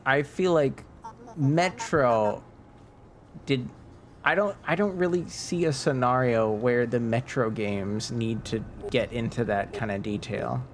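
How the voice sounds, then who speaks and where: Slow, rambling male streamer. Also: medium pitch, slight background noise. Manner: rambling, muses aloud while chatting with viewers. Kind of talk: casual gaming chat.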